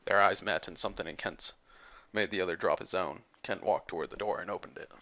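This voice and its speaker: A man reading an adventure audiobook in a measured, steady storytelling manner, on a dull lo-fi recording. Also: low-pitched. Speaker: audiobook narrator. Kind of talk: audiobook narration.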